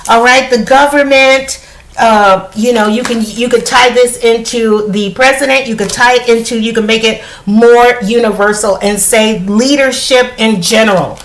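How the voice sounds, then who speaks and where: A woman's voice: on the high side, moderate pace, rough recording. Chatty woman reading tarot cards. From United States. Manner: chatty, repeats "okay?" often, animated. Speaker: tarot reader. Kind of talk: casual spiritual tarot reading.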